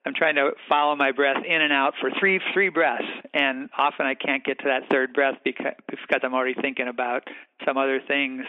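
A man's voice: medium pitch, steady tone, fairly quick. A man hosting a phone interview, talking in a reflective, easygoing way. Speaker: interview host. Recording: tinny phone line.

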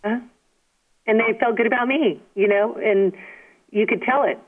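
A woman telling stories as a guest in an interview, speaking in an animated, emphatic way and often asking "you know what I mean?". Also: fairly high pitch, moderate pace. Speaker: guest, former softball player. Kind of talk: storytelling interview. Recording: tinny phone line.

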